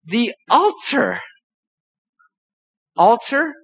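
High-voiced animated male pastor. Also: drawn-out words, slightly rough, poor audio. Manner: animated, emphatic, with rhetorical questions. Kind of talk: sermon.

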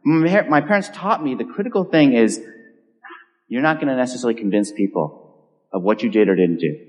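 A man's voice: mid-range voice, fairly quick. A man preaching a sermon, telling a story and acting out the people in it. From California. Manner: animated storyteller acting out voices. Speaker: pastor. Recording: long hall reverb.

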